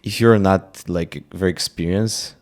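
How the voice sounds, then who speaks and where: A man's voice: low voice, steady tone, unhurried, a little mellow. A man co-hosting a podcast in easygoing, casual chat, explaining things in a roundabout, agreeable way. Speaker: podcast co-host.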